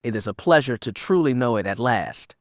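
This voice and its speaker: A man's voice: medium pitch, expressive, brisk, no room sound, close to an everyday voice. A haughty young Sith woman with a refined, cold and clipped delivery, as a male narrator puts her on. Her voice sits in a middling register. The audiobook recording is dry and close. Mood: stiff. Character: haughty young female Sith apprentice, bitter. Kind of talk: audiobook reading.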